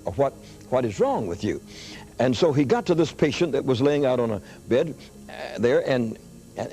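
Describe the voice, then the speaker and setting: A male preacher tells a story from the pulpit, his pitch swinging widely as he gets caught up in it. His tone is mellow and unforced. Soft music plays faintly underneath. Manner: animated, rising high when telling the story. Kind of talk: sermon storytelling.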